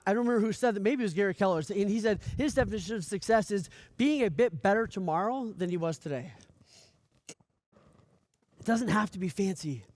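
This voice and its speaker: A man giving a motivational coaching speech, energetic, often asking "right?" and acting out little dialogues. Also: high-pitched, no room sound. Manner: energetic, repeats "right?" often, stammers on restarts; acts out dialogue in lively voices. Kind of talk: motivational talk.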